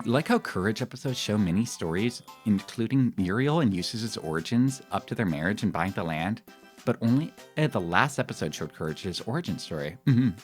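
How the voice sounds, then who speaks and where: Rambling casually to his stream viewers at a fairly quick clip, a low-voiced man in his thirties grows animated, his pitch swinging widely as he laughs at his own tales. Faint, soft music sits behind him.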